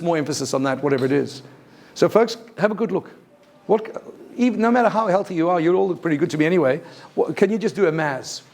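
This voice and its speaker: Male workshop presenter, slightly high voice, emphatic, keeps quizzing the audience. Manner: lively, emphatic, asks the audience questions. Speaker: teacher trainer. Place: university lecture room.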